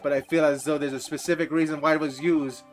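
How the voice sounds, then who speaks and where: An earnest young defense lawyer pleads his case politely in a fairly high voice, as a man reads him aloud. Soft game music plays faintly underneath. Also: level tone, fast talker, close to an everyday voice.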